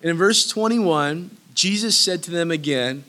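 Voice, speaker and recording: An earnest male preacher teaching verse by verse, pressing his point home by repeating key phrases. His voice sits high and rings bright and forceful. He slips into a casual, conversational aside now and then. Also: measured pace, few pauses. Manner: casual asides that break into laughter. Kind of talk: sermon, verse-by-verse Bible teaching.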